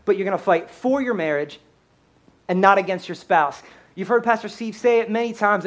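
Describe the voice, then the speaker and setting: A man who is a pastor, telling a comedic story in a sermon in a high-strung, animated way.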